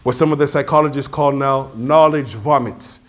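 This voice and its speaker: A man's voice: mid-range voice, normal speed. A man delivering a sermon, telling stories with emphasis and dropping in Arabic phrases. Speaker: preacher.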